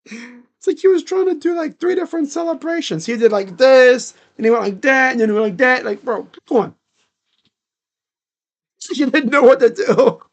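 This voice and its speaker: A man's voice: very high voice, lively intonation, moderate pace, vocal fry. A man giving casual live play-by-play and reaction commentary on a basketball game, rambling and saying "like" a lot. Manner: casual, rambling, heavy use of "like".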